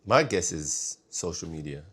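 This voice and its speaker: A man with a somewhat low voice reacts casually to a video, thinking aloud. He drifts between louder points and quiet, trailing remarks, and often circles back to the same phrase of disbelief. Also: animated, a little slow, slightly rough. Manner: musing, often trailing off quietly, repeats "that's crazy".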